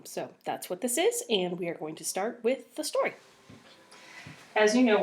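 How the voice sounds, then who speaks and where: A woman's voice: far from the mic, slight background noise. Woman teacher reading aloud, echoey room. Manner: expressive storytelling with lively pitch. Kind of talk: reading a story aloud to a class.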